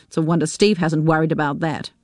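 A woman's voice: low voice, level tone, fast talker, darkish tone, no echo, studio quality, close to an everyday voice. A woman reading a story on the radio, voicing a despairing widow who is tearful and wry. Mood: bitter wry. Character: despairing widow Jackie, weepy and bitter.

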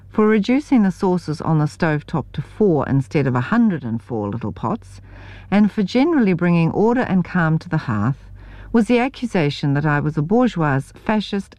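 A New woman reads her memoir with a wry, deadpan edge. Her voice sits a little low yet moves with lively inflection. The recording is close and dry. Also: dry recording. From New Zealand. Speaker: memoir reader. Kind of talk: scripted narration.

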